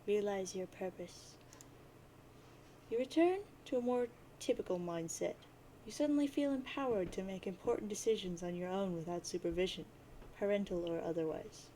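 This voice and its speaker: A woman's voice: mid-range voice, dark tone, slight background noise, low-quality recording. A woman casually reading a webcomic aloud as host, with chatty, offhand asides. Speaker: webcomic reader, channel host. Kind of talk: casual read-aloud narration.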